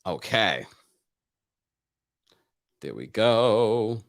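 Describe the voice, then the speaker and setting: A man hosting a live weekly recap stream, briskly pinning links and bringing up callers. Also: lowish voice, gravelly. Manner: relaxed, brisk, managing callers. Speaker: livestream host. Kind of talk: live recap show with call-ins.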